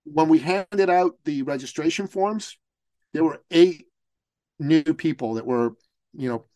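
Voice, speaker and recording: A man's voice: on the high side, unhurried, no room sound. A man, a business coach, telling a story in an interview and acting out the voices of the people in it. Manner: animated storyteller, acts out quotes.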